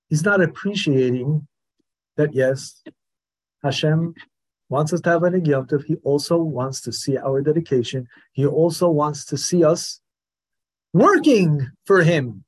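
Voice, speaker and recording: A man teaching a Torah class in a lively lecturing manner, acting out the voices of the people he describes. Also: on the high side, measured pace, husky. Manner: animated, acts out the questioner's voice.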